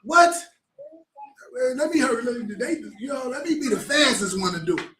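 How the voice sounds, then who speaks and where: A man playing an impatient young man, shouting. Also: very high voice, animated, echoey room, pitched above the performer's own voice, heavily acted. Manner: shouting, hurried, street slang. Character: impatient young man eager to die bravely.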